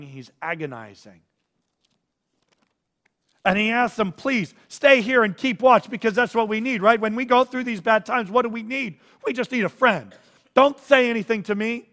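A man's voice: high-pitched, fairly bright tone, long reverb tail. A man preaching a sermon as a pastor, earnest, acting out the feelings of the people he quotes.

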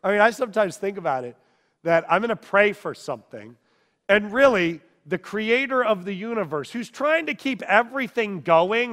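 Male preacher, high voice, dramatic sermon storytelling from hush to shout, long hall reverb.

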